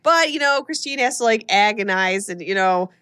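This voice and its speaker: A woman hosting a casual podcast chat, retelling a horror movie plot with animated storytelling and acted-out lines. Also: mid-range voice, normal speed, smooth. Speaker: podcast host recapping a film.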